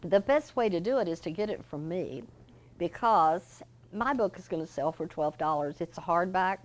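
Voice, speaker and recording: Older lady telling stories, chatty and folksy, gets animated. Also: on the low side, moderate pace. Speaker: author guest. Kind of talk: interview storytelling.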